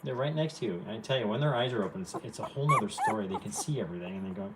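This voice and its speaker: A woman's voice: very deep voice, wildly swooping pitch, very fast, few pauses, very noisy. A woman chatting casually at home while tending a litter of puppies, cooing and scolding them between remarks. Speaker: co-host, puppy breeder. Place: indoors at home, by a puppy pen. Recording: loud puppy whimpering behind. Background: puppies whining and whimpering.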